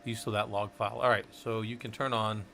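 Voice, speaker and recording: A man with a somewhat low voice runs an informal teaching session, talking his thoughts through as he goes. He is casual and a little salty, and faint keyboard typing sits behind him. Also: level tone, fast, vocal fry, sharp tone, a little hiss or hum. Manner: thinks aloud, loose and informal, swears casually. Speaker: instructor leading a study session.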